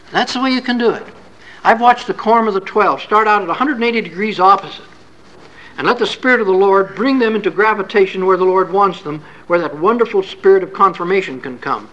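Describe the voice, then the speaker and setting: Guy teaching a religion class, high voice, pretty bright and sharp, chatty and earnest. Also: brisk, low-quality recording. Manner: earnest, folksy and conversational. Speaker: religious lecturer. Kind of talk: classroom scripture lecture.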